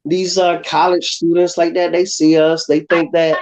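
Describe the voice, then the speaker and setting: Lively man telling a story. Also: fairly high pitch, moderate pace, noisy background. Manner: animated, acts out voices in his stories. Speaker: guest. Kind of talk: casual storytelling on a livestream. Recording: dull, lo-fi call audio.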